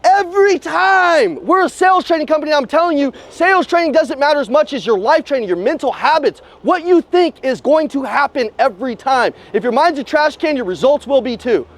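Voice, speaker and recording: Fast, high-voiced, profane male sales coach. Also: expressive. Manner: blunt, profane, fires rhetorical questions. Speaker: sales trainer. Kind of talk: live motivational sales coaching. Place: outdoors at a car dealership.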